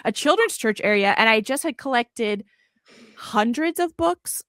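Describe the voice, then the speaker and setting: A woman's voice: a little high, lively intonation, unhurried, a bit bright, no room sound, clean studio sound. A woman guest on a podcast, talking in an impassioned, emphatic and indignant way. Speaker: guest author. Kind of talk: podcast conversation.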